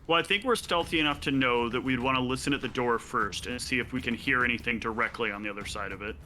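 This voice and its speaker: A man's voice: medium pitch, quick pace, pushed and bright, a little hiss or hum. A man playing a tabletop game, eagerly making plans for his party. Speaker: player.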